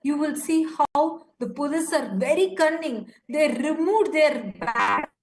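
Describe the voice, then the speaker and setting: A woman's voice: sits high, a little slow. A woman presenting an urgent live-streamed appeal, impassioned, pleading and indignant.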